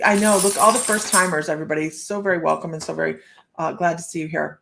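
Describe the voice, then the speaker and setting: A woman's voice: fairly low pitch, fast, vocal fry, a bit bright, a little hiss or hum. A woman giving a live-streamed psychic reading, chatting to her viewers and thinking aloud in loose, rambling sentences. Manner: chatty, talks straight to viewers and greets them by name. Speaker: psychic reader.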